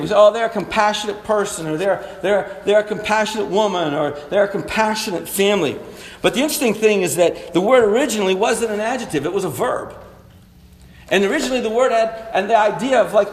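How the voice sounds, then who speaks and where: A male pastor preaching a morning sermon in a conversational way, acting out little everyday dialogues to make his points. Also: sits high. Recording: echoey hall, long reverb.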